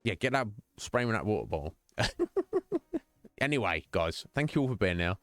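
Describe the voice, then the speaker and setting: A man's voice: fairly low pitch, lively intonation, moderate pace, fairly bright tone, no echo, soft background music. A man streaming live, chatting casually and jokingly with his viewers in a rambling way. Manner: rambling, jokey, chatty, addresses viewers by name.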